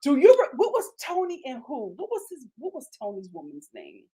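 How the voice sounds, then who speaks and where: Animated, high-voiced gossipy woman. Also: a little fast, poor audio. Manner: gossipy, animated, laughs often. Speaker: TV show reviewer, channel host. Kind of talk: live reality-show review.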